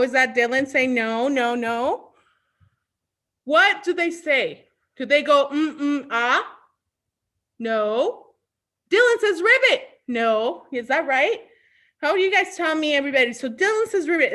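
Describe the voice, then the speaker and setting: A woman's voice: high voice, bright, forceful tone. A woman youth services librarian hosting a live online storytime, coaxing and talking directly to young children.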